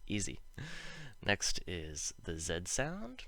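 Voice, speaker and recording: A man teaching pronunciation, saying example words slowly and carefully. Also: sits low, huge pitch swings, creaky, sharp tone, dry recording. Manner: slow, careful, drawn-out word demonstrations. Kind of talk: scripted pronunciation lesson.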